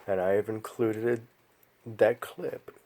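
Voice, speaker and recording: A man vlogging a personal story in a slow, halting, emotional way, pausing often. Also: fairly low pitch, fairly even intonation, vocal fry, mellow.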